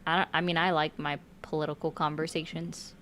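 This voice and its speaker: A woman in casual group conversation as a political commentator, joking and talking in quick asides. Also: low voice, little pitch movement, fairly bright tone, a little hiss or hum. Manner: jokey, talks in quick asides with fillers. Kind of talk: casual group chat on a live stream.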